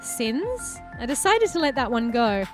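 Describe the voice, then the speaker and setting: A woman's voice: medium pitch, animated, normal speed, over music. A woman hosting a video game playthrough, reading the story narration and making chatty, self-mocking asides. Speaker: let's play host. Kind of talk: casual gameplay commentary and reading narration.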